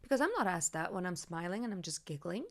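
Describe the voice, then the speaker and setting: Earnest, expressive woman podcast host. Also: on the low side, quick pace. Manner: earnest, expressive, animated when making a point. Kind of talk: reflective conversational talk.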